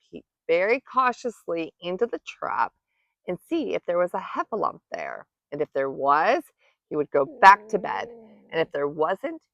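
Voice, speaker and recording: A woman reading a classic children's story aloud in a gentle, cozy bedtime style. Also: on the low side, gravelly, no echo. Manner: soft, cozy, expressive. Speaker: storytime reader. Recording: dull lo-fi dry recording.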